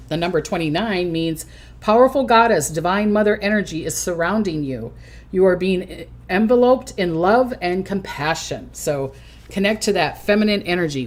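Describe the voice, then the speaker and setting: An older woman hosting a casual psychic livestream from her recliner at home, chatty and hyper, often giggling. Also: lowish voice. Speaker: psychic host.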